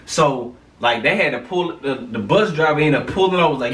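A man telling a story from his school days in casual slang, animated and acting out the sounds. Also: on the high side, brisk, far from the mic. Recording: roomy, away from the mic.

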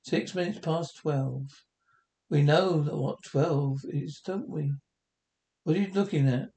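Sneering, menacing husband read by a man, somewhat high voice, script reading. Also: slow, vocal fry, mellow. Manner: mocking, menacing. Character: bullying sneering middle-aged husband.

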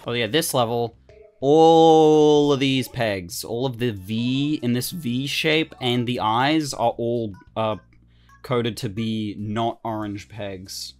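A man giving casual let's-play commentary, excitable, swearing casually and laughing often. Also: lowish voice. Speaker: gaming commentator.

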